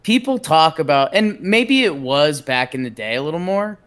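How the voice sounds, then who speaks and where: A man's voice: on the high side, animated, normal speed, fairly bright tone. Wry male baseball podcast co-host. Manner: wry, sarcastic banter. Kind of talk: casual sports chat.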